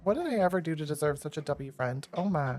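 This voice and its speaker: A woman's voice: deep voice, animated, fast, a little mellow, faint music behind. A woman reacting to a gift in a clip, breathless and gushing with many gasps. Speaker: content creator.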